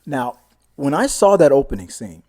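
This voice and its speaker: Male host, animated casual recap, lively pitch, acts out scenes. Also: normal speed. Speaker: show host, TV reviewer.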